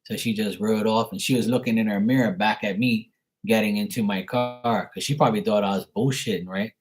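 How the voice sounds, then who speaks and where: A man's voice: lowish voice, fairly even intonation, a little fast, slightly rough, low-quality recording. A man, a live tarot reader, telling a casual story in a rambling, slangy way, full of "like" and "you know". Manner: rambling, slangy, heavy use of "like".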